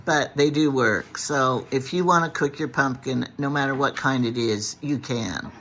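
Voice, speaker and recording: A woman's voice: a bass voice, normal speed, fairly bright tone, slight background noise. Chatty older woman chiming in. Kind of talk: casual chat.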